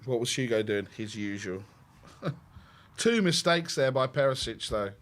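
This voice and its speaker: A man hosting a live match watch-along, reacting with loud exclamations and reading out viewer messages. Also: medium pitch, animated, measured pace. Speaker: host of a fan watch-along stream.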